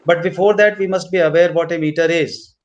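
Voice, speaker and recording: A man teaching a literature class, repeating key points slowly as if dictating notes. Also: fairly high pitch, steady tone. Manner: mixes in Hindi instructions. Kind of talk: classroom lecture.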